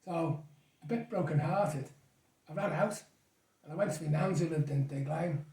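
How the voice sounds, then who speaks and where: A man's voice: fairly high pitch, moderate pace, mellow, recorded from a distance. A man, a guest reminiscing in rambling, chuckling stories. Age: 60s. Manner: rambling storyteller, chuckles often. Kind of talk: casual reminiscing chat. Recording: echoey room, off mic.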